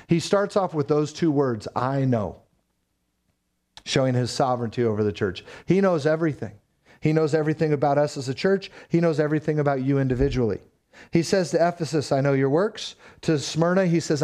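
A man's voice: fairly high pitch, warm tone. A man preaching a sermon as pastor, emphatic, repeating phrases for stress and asking the congregation questions. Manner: asks the congregation rhetorical questions.

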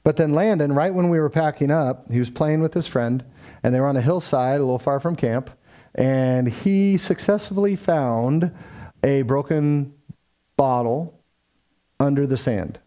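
A man's voice: medium pitch, unhurried, dark tone. A man telling a family story in a casual, faith-tinged way, acting out the dialogue. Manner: conversational, acts out quoted dialogue, frequent fillers.

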